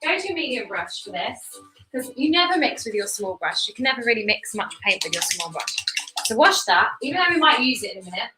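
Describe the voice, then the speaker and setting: A woman's voice: fairly high pitch, very animated, fast talker, music in the background, low-quality recording. A young woman giving a chatty, encouraging step-by-step painting lesson for kids while she paints. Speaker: painting instructor.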